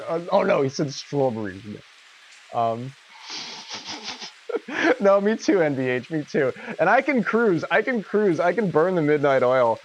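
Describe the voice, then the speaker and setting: A man's voice: a little high, very animated, measured pace, long pauses, highs cut off. Guy chatting on his stream, laughs a ton, swears, voice jumps around a lot, faint hiss. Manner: laughs often, swears freely. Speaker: livestream host. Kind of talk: casual livestream chat.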